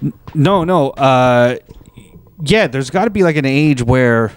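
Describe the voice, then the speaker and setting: A man in his thirties co-hosting a podcast, throwing in quick teasing remarks and laughing often in casual banter. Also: mid-range voice, animated, smooth. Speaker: podcast co-host.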